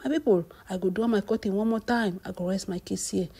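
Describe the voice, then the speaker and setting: A woman's voice: medium pitch, quick pace, warm tone, slightly rough. A woman with a Nigerian accent giving exclamatory celebrity gossip commentary and calling out to her viewers. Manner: exclamatory, addresses viewers as "my people". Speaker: gossip vlogger.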